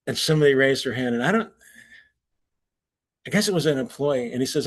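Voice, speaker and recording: A man's voice: mid-range voice, lively intonation, a little fast, pauses often. Man telling workplace stories in a talk. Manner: storytelling, chuckles at his own punchlines; conversational with restarts. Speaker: conference presenter. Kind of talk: anecdotal lecture.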